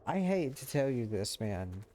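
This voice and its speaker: Dry-humored man with a mellow voice. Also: mid-range voice, sing-song, a little slow, slight background noise. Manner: dry, joking comebacks. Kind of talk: casual gaming chat.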